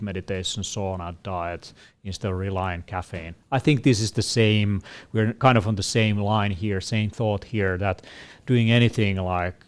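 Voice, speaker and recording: A man co-hosting a casual Q&A, explaining things in a measured way with frequent fillers. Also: fairly low pitch, darkish tone, clear, resonant tone. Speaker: co-host answering questions. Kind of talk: casual panel Q&A.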